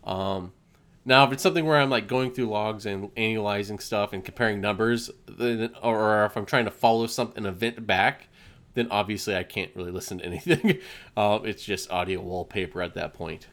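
A man's voice: fairly low pitch, brisk, fairly bright tone. A man co-hosting a casual chat, telling stories animatedly and laughing often.

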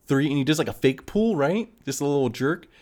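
A man's voice: fairly high pitch, expressive, a little fast, darkish tone. A young man telling a story in casual chat, laughing often and acting out his friends' voices.

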